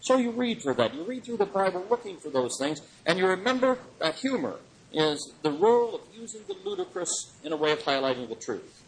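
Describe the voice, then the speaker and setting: A man giving a lecture on the Bible in an animated way, chuckling often and swinging his pitch for emphasis. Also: a little fast, slight background noise, low-quality recording. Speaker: Bible teacher.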